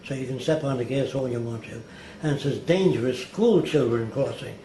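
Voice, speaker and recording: A man's voice: medium pitch, brisk, dark tone. An older man, a guest in an interview, rambling through anecdotes and acting out the people he quotes. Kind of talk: storytelling in an interview. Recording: roomy, faint background hiss.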